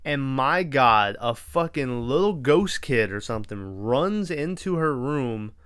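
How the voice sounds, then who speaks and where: A man's voice: mid-range voice, fairly bright tone, smooth, dry recording, studio quality. A man hosting a podcast, casually retelling a horror film with lots of swearing and quoted reactions. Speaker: podcast host. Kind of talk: casual movie recap.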